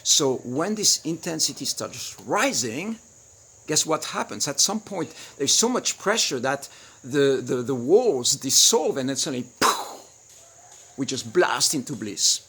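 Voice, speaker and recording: A man teaching a tantra webinar, talking freely and acting out shouted quotes from arguments. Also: medium pitch, a little slow, breathy edge. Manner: animated, acts out shouted quotes.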